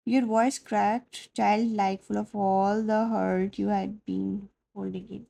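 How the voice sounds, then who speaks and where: A woman narrating a second-person fan fiction story, soft and dramatic in her delivery. Her voice has a dark, mellow colour and a steady gravelly creak. She keeps a smooth storytelling flow. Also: mid-range voice, measured pace, few pauses, low-quality recording.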